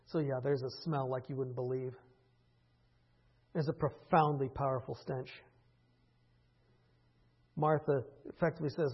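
A man preaching a conversational sermon, rising into impassioned stretches and then falling quiet again. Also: mid-range voice, fairly even intonation, unhurried, pauses often, husky, highs cut off. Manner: conversational preaching, builds to impassioned peaks with laughs. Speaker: pastor.

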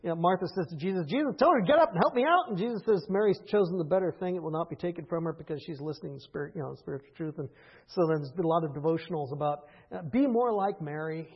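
A man preaching a conversational sermon, rising into impassioned stretches and then falling quiet again. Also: on the high side, fast talker, breathy edge, highs cut off. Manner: conversational preaching, builds to impassioned peaks with laughs. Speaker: pastor.

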